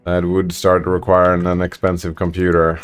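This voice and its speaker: A man's voice: low voice, completely flat delivery, moderate pace, clear, resonant tone, faint music behind. A man streaming a game, chatting casually and reading out viewer messages in a laid-back way. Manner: laid-back, chatty, reads chat aloud. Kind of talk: casual gameplay commentary.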